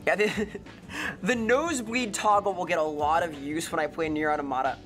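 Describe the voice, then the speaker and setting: A woman's voice: lowish voice, normal speed. A woman streamer chatting casually while playing a game, talkative, laughing often and answering chat.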